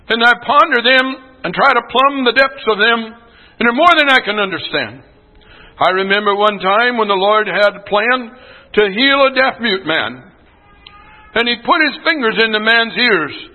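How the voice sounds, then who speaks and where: An older man preaches a sermon. His voice sits very high and bright, with lively swings in pitch. He is earnest, pushing some lines out with emphasis and dropping others low and hushed. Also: low-quality recording.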